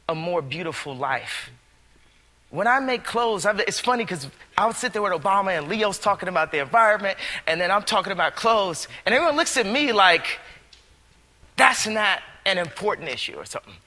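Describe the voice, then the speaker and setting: Man, interview clip, earnest, rambling, bright tense tone, long reverb. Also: sits high. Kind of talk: interview musing.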